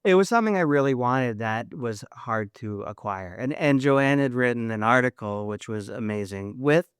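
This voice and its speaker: A man, a therapist, chatting as a podcast guest, playful and animated as he acts out his own thoughts. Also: mid-range voice, moderate pace, smooth, dry recording, clean studio sound. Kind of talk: casual interview chat.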